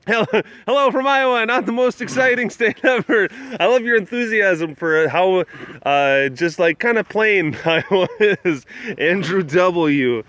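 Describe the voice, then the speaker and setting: A young man from southwest Wisconsin hosting a casual livestream outdoors at an animal compound, joking and reading viewer comments with loud hype and low mumbles. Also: lively intonation, slow pace, dry recording. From southwest Wisconsin, USA. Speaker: livestream host at a big cat facility.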